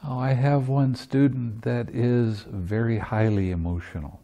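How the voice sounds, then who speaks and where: A man's voice: mid-range voice, steady tone, measured pace, creaky, warm tone. A man giving a dharma talk as meditation teacher at a retreat, teaching playfully and often laughing. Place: meditation center.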